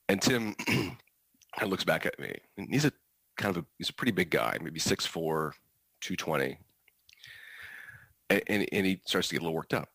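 A man's voice: deep voice, normal speed, pauses often, fairly bright tone, no echo, low-quality recording. A man who is a teacher, telling a story from his classroom with dry, understated delivery. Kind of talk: storytelling performance.

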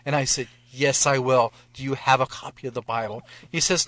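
A man's voice: mid-range voice, fairly even intonation, brisk, fairly bright tone, no echo. A man sits in a radio studio telling a travel story to the host. His voice is close and dry. He drops his voice for his own replies and lifts it for the officers he quotes, chuckling as he goes. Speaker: guest storyteller.

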